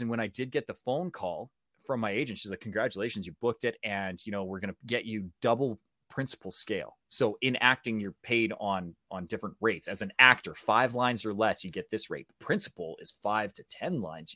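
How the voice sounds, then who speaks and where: A man with a Canadian accent, a guest telling stories in casual talk, animated and acting out voices as he goes. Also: mid-range voice, dry recording, clean studio sound. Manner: animated, acts out voices in anecdotes. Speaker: guest, actor and speaking coach. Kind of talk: casual storytelling.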